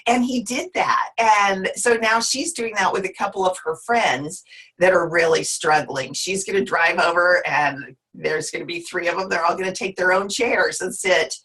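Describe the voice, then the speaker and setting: Woman in her 50s, workshop presenter on a video call; earnest, low-ish voice, emotional and candid. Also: expressive, moderate pace, fairly bright tone, husky. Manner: earnest, emotional, with frequent restarts. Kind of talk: online workshop talk.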